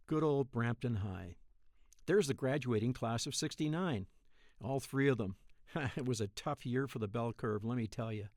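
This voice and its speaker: A man in his thirties narrating a first-person dream story in a wry, profane, deadpan way. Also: medium pitch, dry recording, clean studio sound. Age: 30s.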